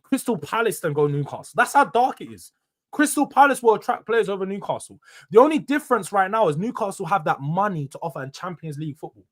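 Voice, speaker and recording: A young man chats loosely on a football live stream. His voice sits a little high, and his delivery is casual and opinionated, full of slang and quick laughs. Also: sing-song, fairly bright tone. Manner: chatty and opinionated, laughs often, uses slang. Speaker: football channel host reading live chat.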